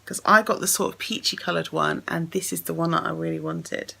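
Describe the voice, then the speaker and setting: A woman's voice: deep voice, steady tone, a little fast, creaky, background noise. A young woman chatting casually as she unboxes a gift on camera, effusive and full of thanks. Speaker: beauty vlogger.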